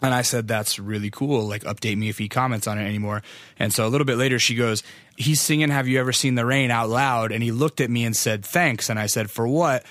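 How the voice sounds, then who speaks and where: A young American man rambles through a podcast monologue in a loose, profane way, full of likes and uhs. His voice sits at an ordinary middle pitch. The recording is close and dry, with no room sound. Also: steady tone, fast, a bit bright, no room sound. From United States. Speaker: podcast host.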